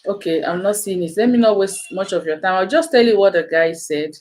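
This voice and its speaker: A woman's voice: mid-range voice, a little fast, poor audio. A woman, giving rambling, exclamatory commentary in a casual vlog. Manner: animated, exclamatory, rambling with restarts. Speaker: vlogger.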